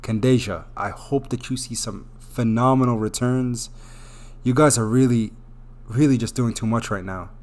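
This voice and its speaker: A man hosting a crypto live stream, reading viewer messages aloud and thanking them over and over, warm and openly emotional. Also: mid-range voice, normal speed. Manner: effusive, repeats thanks, gets emotional. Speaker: crypto livestream host. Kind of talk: live stream chat, reading super chats.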